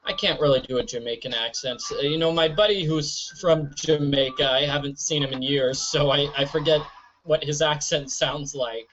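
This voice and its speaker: Chatty man with a fairly high voice. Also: normal speed, fairly bright tone, slight background noise. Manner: chatty, jokey, rambling. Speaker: let's-play host. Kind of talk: gameplay commentary. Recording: dull lo-fi audio.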